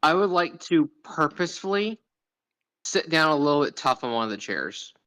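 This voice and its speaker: A man's voice: fairly high pitch, very animated, moderate pace, pushed and bright, low-quality recording. A man playing a tabletop game, with a dry, playful way of talking. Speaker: player. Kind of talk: in-character tabletop play.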